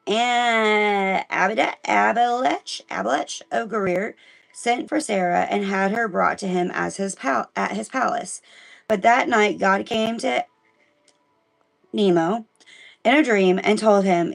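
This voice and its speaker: A woman's voice: mid-range voice, slow, vocal fry. A woman from Missouri reads the Bible aloud on a livestream in a chatty way, breaking off to talk to her viewers. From Missouri, United States. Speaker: live-stream host reading the Bible. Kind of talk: casual live-stream Bible reading.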